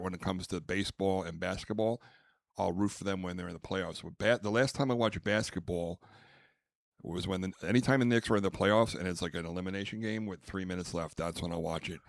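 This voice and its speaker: A man hosting a podcast in casual chat, rambling with restarts and bursts of mimicked squeaks. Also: steady tone, fairly quick, gravelly, no room sound, clean studio sound. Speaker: podcast host.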